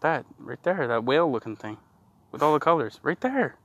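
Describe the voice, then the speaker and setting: A man chatting and joking crudely while hiking in the woods, teasing his friend with loud outbursts. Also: fairly high pitch, animated, a little fast, no room sound, muffled recording. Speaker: hiker filming outdoors. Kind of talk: casual joking chat. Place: woods outdoors.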